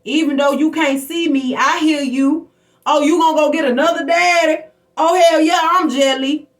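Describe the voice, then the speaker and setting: A woman's voice: high-pitched, steady tone, moderate pace, recorded from a distance, pitched above the performer's own voice, natural voice. A woman voicing her late father's spirit, a jealous man teasing his daughter. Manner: boastful, needling.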